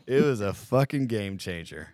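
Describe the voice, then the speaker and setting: This podcast guest, once a Marine recruit, swaps casual boot camp stories full of profanity, rambling along in a relaxed manner. His voice falls on the low side with a darkish tone.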